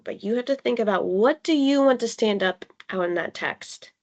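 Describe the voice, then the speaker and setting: A woman leading a live online design workshop, explaining ideas in a conversational way with fillers and pauses for emphasis. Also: fairly high pitch, lively intonation, vocal fry. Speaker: workshop facilitator. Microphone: video call.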